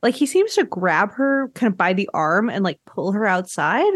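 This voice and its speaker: A woman from Canada hosting a podcast in casual chat, talking in a loose, chatty way full of filler words and easy laughter. Her voice sits at a middle pitch, recorded dry and close to the mic. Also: big pitch swings, moderate pace, no echo. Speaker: podcast host.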